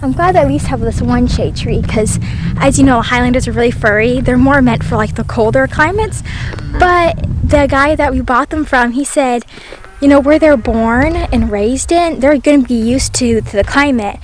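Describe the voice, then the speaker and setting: A woman with a Texan accent chatting excitedly to her camera outdoors on her farm, saying y'all constantly. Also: high-pitched, normal speed, background noise. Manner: bubbly, says y'all constantly. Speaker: homestead vlogger. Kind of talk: casual chat to camera.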